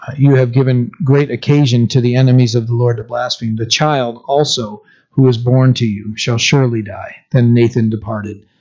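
A man's voice: medium pitch, fairly even intonation, normal speed, a little mellow. A man preaching a sermon in a conversational way, reading scripture and retelling it with fillers and restarts. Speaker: pastor. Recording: slightly dull lo-fi sound.

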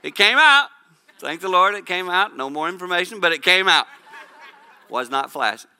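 Middle-aged male speaker, storytelling talk: very bright, smooth tone, slightly high pitch, animated and jokey. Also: normal speed. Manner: animated, laughing, jokey, spirited delivery. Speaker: speaker at a women's church gathering. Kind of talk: humorous storytelling talk to a live audience.

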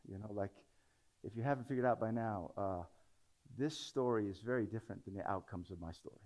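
A man's voice: on the low side, a little fast, a little mellow. A man preaching a sermon, talking conversationally and building into dramatic scripture readings.

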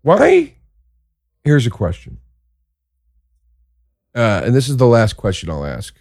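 A man's voice: lowish voice, a little slow, dry recording. Crude joking male comedian host, dry sound. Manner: crude, joking, swings into excited exaggeration. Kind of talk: casual storytelling monologue.

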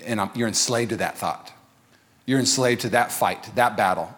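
A man preaching a sermon as pastor, animated and joking, acting out quoted voices. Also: lowish voice, moderate pace. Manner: animated, jokey, acts out voices of others.

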